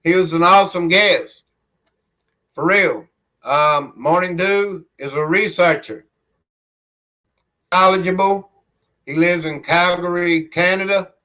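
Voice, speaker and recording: The livestream host's voice is high-pitched, bright and forceful, and he talks slowly with long pauses. With a Southern country accent, he reads viewer comments from home on a handheld phone in a rambling, friendly way, referring to himself in the third person by his nickname.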